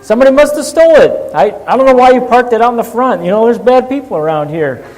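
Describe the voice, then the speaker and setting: A man's voice: extremely high pitch, animated, quick pace, darkish tone, pitched above the performer's own voice. A man voicing his six-year-old self who protests with fake innocence. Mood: fake innocent. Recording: long hall reverb.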